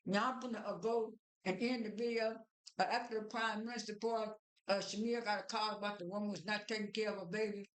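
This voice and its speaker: A woman's voice: medium pitch, fairly even intonation, fairly quick. Brief: woman vlogger, mid-range voice, loose rambling recap full of restarts, echoey room. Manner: rambling, with many restarts and fillers. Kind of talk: casual spoken recap.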